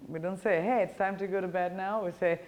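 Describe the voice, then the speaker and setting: A woman's voice: fairly low pitch, steady tone, a little fast, darkish tone. A middle-aged woman, a native German speaker, teaching German in a bare classroom, explaining grammar in English with German mixed in and checking in with "ja?" and "you know". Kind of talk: classroom lecture.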